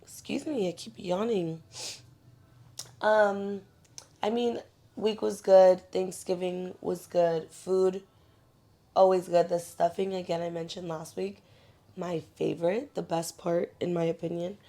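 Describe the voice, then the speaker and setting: A young woman co-hosting a podcast in relaxed, casual chat. Her voice sits on the low side, and she talks in a loose, rambling way with plenty of fillers. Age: young adult. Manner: relaxed, chatty, drawn-out speech with fillers. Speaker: podcast co-host.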